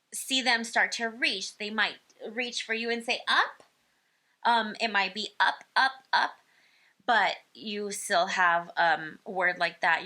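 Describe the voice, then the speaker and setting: A woman with a mid-range, sharp-toned voice gives an informal parenting lesson on how babies learn to speak. A speech-language educator, she explains slowly and easygoingly, saying "um" often and imitating baby sounds.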